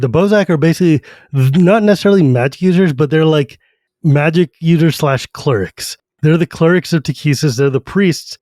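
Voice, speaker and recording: A slightly high male voice with no echo belongs to a podcast co-host enthusiastically recapping a fantasy novel. The conversation about the book is informal, peppered with rapid character voices.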